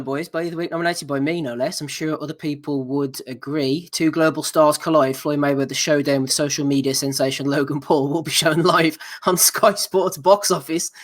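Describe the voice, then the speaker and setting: A man's voice: a little high, a bit bright. A man hosting a podcast, reading out listener nominations with dry sarcasm. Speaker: podcast host. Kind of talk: casual banter reading nominations.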